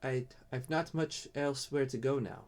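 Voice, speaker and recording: A man's voice: mid-range voice, moderate pace, natural voice. A man voicing a timid young female kobold who stammers and apologizes nervously. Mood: pleading.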